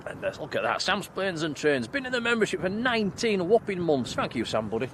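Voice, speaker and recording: At night outdoors near an airport, a male livestream host chats and reads comments, thanking viewers by name. His voice is high and a bit bright, with big pitch swings and a slightly fast pace, plus a little hiss or hum in the background.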